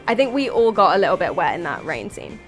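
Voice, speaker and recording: A woman's voice: fairly low pitch, very animated, quick pace, faint music behind. A young British woman streaming a game, chatting casually with viewers in a rambling, jokey, tangential way while sounding tired.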